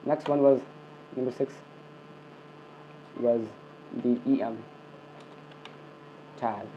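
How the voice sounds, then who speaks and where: Slow and steady, a coding tutor with a dark, medium-pitched voice leads a screencast lesson. He habitually says "okay" and "I mean" and restarts sentences often. The recording is dull and lo-fi, with some hiss or hum.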